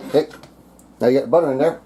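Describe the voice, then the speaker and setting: A man's voice: medium pitch, fast, noisy background. Man with a crude Southern drawl, cooking. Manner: crude, profane, joking asides. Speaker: cooking vlogger. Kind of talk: casual cooking demonstration. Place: home kitchen. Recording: kitchen clatter of pots and cutlery. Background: clinking dishes and utensils.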